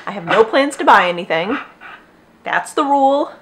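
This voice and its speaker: A woman's voice: on the high side, animated, normal speed, noisy background. A young woman hosting a knitting podcast at home, chatting casually and rambling, often breaking off to talk to her dog. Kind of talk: casual chat. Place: at home with dogs.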